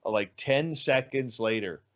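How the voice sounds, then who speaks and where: An animated male storyteller with a mid-pitched voice, letting it sink low and hushed at the tense moments. The audio is dull and lo-fi. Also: unhurried. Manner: animated storyteller, drops low and quiet for suspense. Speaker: guest radio host. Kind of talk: storytelling on a podcast.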